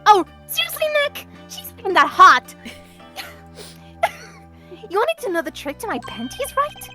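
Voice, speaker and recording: A woman's voice: extremely high pitch, wildly swooping pitch, normal speed, sharp tone, faint music behind, voice pushed up, exaggerated voice. A woman voicing a cheeky teenage girl magician in a teasing tone.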